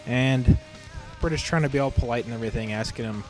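A man's voice: mid-range voice, quick pace, faint music behind. A man giving casual, profane and joking commentary on a game replay, rambling between asides.

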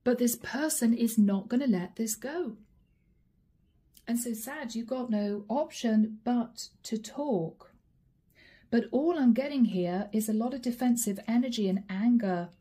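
A woman's voice: a little high, a little slow, dark tone, husky. A woman giving a tarot reading, addressing the viewer directly with probing, repeated questions. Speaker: tarot reader.

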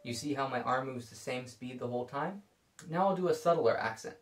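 Guy teaching violin, calm explainy tone, mid pitch, roomy echo. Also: brisk, soft background music. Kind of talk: scripted video lesson. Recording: echoey room.

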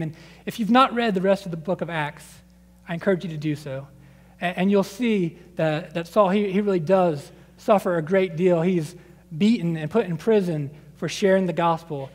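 A man in his thirties preaching a sermon, conversational and animated, acting out scripture quotes and his children's voices. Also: high-pitched, normal speed. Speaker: pastor. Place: church sanctuary. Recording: long reverb of a church sanctuary.

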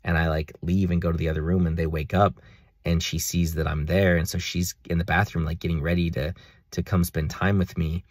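A man's voice: sits low, little pitch movement, fairly quick, no echo, studio quality. A young man talking earnestly in a rambling personal video diary, with many fillers. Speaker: vlogger.

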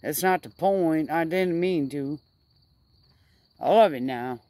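A woman's voice: low voice, takes it slowly, mellow, a little hiss or hum. A woman rambling casually to her camera outdoors by a fire, stretching out her words for emphasis. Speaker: vlogger.

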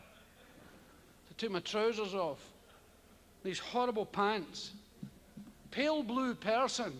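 A Scottish man doing stand-up comedy, his voice pitched unusually high for a man and spilling into a long hall echo. He tells his story with plenty of swearing and acts out the yelps and strange noises himself. Faint crowd ambience sits underneath. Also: slow pace, pauses often, a little hiss or hum. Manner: profane, animated, acts out yells and noises. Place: theatre stage before a live audience.

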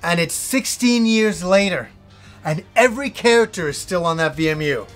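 A man reviewing a video game as the host, telling old memories in an excitable, profane, animated way. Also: sits high, moderate pace, soft background music. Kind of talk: casual storytelling review.

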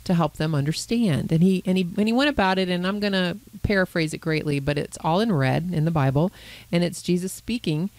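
A woman, a Christian counselor co-hosting a podcast, retelling a Bible parable in a lively storytelling way. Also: lowish voice, fairly quick, no room sound, low-quality recording. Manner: animated storyteller who voices characters. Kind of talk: conversational Bible teaching.

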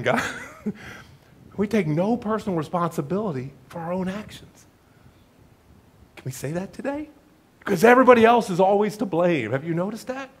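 A man preaching a sermon in a church, telling a folksy joke story and acting out the voices of its characters. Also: high-pitched. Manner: animated storytelling with acted-out voices; jokey, folksy. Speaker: pastor.

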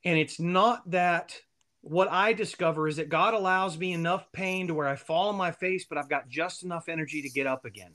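A man guest telling long, animated stories and laughing at his own jokes. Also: fairly high pitch, a little fast. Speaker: guest, band member. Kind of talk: storytelling interview answer.

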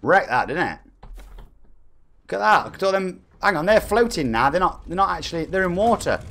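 A man's voice: high-pitched, big pitch swings, fairly quick, a bit bright, a little hiss or hum. Chatty Nottingham man streaming. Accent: Nottingham English. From England. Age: 40s. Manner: chatty, reads chat aloud, jokey banter. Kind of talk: live game streaming chat.

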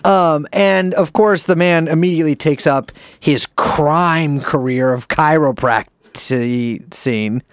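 A man's voice: slow, few pauses, clean tone, no room sound, clean studio sound. Rambling, swearing young man on a podcast. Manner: rambling, swearing, self-interrupting with wide pitch swings. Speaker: podcast co-host. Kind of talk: casual podcast chat.

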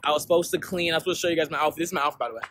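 A man's voice: a little high, fairly even intonation, rapid-fire, fairly bright tone. A young man talking to his phone camera in a playful, slangy, casual vlog while out on city streets. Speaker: vlogger. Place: outdoors on city streets and subway. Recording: street noise behind.

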